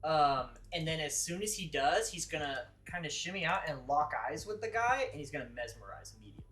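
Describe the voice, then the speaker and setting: Bright-voiced player thinking aloud. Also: medium pitch, lively intonation, brisk. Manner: thinks aloud, with fillers and swearing. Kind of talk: tabletop role-play. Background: music.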